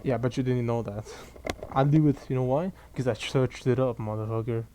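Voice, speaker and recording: A young man, his tone dark and mellow. He rants casually to camera, swearing freely and sounding fed up and animated. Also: medium pitch, moderate pace, slight background noise. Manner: profane, exasperated, animated storytelling. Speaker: vlogger. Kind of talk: casual ranting monologue.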